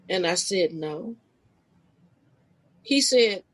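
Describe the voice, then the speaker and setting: A woman guesting on a podcast as a spiritual life coach, telling a personal story casually and expressively, her voice leaping high at the big moments. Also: moderate pace, low-quality recording. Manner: animated, expressive retelling with sudden pitch leaps; casual, informal phrasing with restarts.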